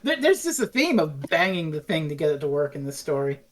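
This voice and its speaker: A woman's voice: low voice, very animated, fairly quick, a little hiss or hum. A woman co-hosting a podcast, retelling an episode in casual, sarcastic chat and acting out the quotes. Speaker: podcast co-host.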